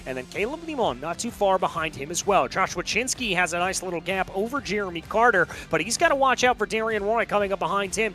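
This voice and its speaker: A man commentating an online racing broadcast with a high, bright voice. He talks upbeat and runs through standings at a steady clip, with faint music underneath.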